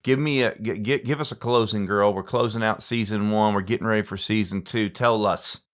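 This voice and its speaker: A man co-hosting a podcast in an easygoing casual chat. He speaks in a halting way, stumbling over and repeating words as he restarts his sentences. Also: fairly low pitch. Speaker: podcast co-host.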